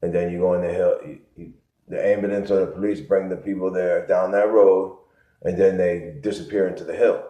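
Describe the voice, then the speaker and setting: Low voiced guy from connecticut rambling on and on, muffled lo-fi sound. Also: flat delivery, brisk. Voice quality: rambling, repetitive, low-key storytelling. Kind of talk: rambling monologue. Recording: echoey, muffled lo-fi room sound.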